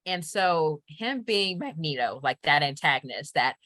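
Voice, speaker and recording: A woman in casual chat, opinionated and quick to laugh. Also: sits low, sing-song, fairly bright tone, dry recording.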